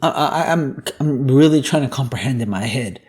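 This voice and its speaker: A man's voice: medium pitch, lively intonation, moderate pace, a little mellow. A young man hosting a solo podcast, talking casually in a joking, profane, ranting way. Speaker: podcast host.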